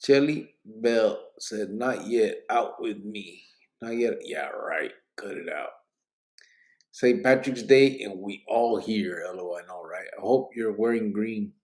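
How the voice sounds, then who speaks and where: A man's voice: fairly low pitch, measured pace, darkish tone. A man, hosting a late-night live podcast, reading viewer comments aloud in a laid-back, joking way and mixing in Spanish slang, sounding sleepy and yawning. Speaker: livestream podcast host.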